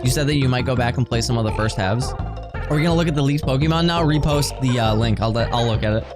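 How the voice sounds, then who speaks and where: A man streaming video games and chatting casually, excitable, laughing often and swearing as he reacts. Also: medium pitch, fast talker, over music. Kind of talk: casual livestream chat.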